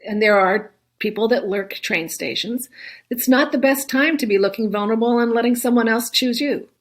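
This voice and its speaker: A woman's voice: on the high side, moderate pace. A woman guest in a conversational interview, chatty, often laughing and ending her points with "right?". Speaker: guest, solo travel expert.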